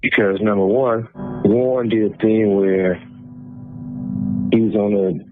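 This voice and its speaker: A man's voice: lowish voice, fairly even intonation, unhurried, phone-quality sound, faint music behind. A man speaking bluntly in an archived interview clip, swearing casually.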